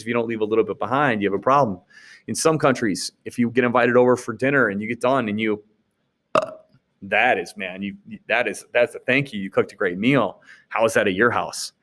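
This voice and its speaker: A man's lowish, slightly bright voice carries this recorded recap of a classroom lecture. He's from the United States and teaches conversationally and casually, frequently asking rhetorical questions and checking understanding with "okay?"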